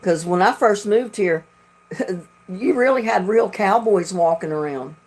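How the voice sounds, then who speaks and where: A woman's voice: mid-range voice, measured pace, a little mellow. A woman from North Carolina with a Southern accent, chatting casually and telling rambling stories as she hosts a livestream. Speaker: livestream host.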